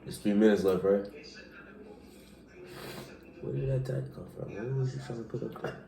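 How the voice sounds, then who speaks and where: A man's voice: on the low side, normal speed, vocal fry, a crowd in the background. Laughing, swearing man in an echoey room. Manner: loud, laughing, swearing while eating hot noodles. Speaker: vlogger. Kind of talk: casual chat.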